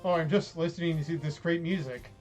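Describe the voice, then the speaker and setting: Playful high-voiced male streamer. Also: steady tone, brisk, a little mellow. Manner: playful, joking asides. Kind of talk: casual live game commentary. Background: game music.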